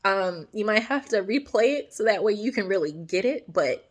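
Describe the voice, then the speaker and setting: Chatty, animated woman sharing a devotional word. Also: normal speed. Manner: chatty, animated, asks "right?" often; acts out quoted voices, often drops soft and low. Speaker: faith vlogger. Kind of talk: casual devotional talk to camera.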